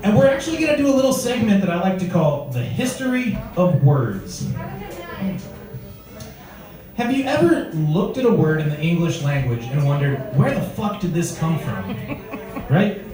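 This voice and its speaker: Crude stand-up comic man, lively pitch. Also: normal speed, over music. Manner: crude, conversational storytelling with crowd work. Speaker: stand-up comedian. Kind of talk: stand-up set. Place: comedy club stage. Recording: echoey club from far off, crowd.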